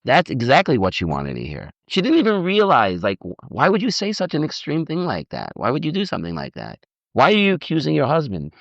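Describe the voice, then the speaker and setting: A man giving an informal lecture as a rabbi, animated and repetitive, often acting out little dialogues, on a dull, dry recording. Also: fairly high pitch, fairly quick, gravelly, dry recording. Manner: animated, repeats words, acts out dialogue. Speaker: rabbi teaching on marriage. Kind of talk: informal lecture with audience questions.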